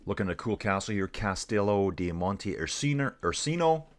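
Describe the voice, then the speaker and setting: A man's voice: fairly low pitch, expressive, moderate pace. A man from Canada hosting a casual live cycling stream, reading viewer comments aloud and chatting in a laid-back way, calling everyone dude.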